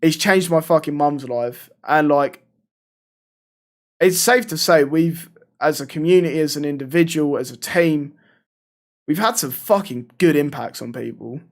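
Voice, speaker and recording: A man hosting a live-streamed podcast, swearing freely and telling animated stories in casual chat. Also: fairly high pitch, measured pace. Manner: swears a lot, animated storytelling.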